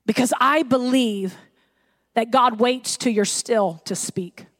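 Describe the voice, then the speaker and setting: A woman pastor delivers a sermon, lively and animated, acting out the voices of the people she quotes. Her voice sits high for a woman. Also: takes it slowly.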